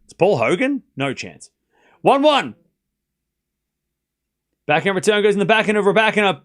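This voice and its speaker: Male stream host, high lively voice, excitable play-by-play tennis commentary with banter. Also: moderate pace. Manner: chatty, excitable, jokes and speaks to viewers.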